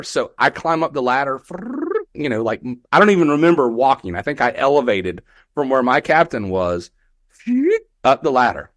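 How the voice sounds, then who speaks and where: A young firefighter man telling a call story on a podcast, animated, quoting people in raised voices. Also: mid-range voice, normal speed, dry recording, studio quality. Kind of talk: casual storytelling.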